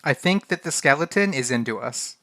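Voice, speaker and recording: A man's voice: medium pitch, expressive, fairly quick, a bit bright, no echo. A young man streaming a text adventure game, reading the game text aloud in a casual, flustered way and often laughing. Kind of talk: casual live-stream commentary.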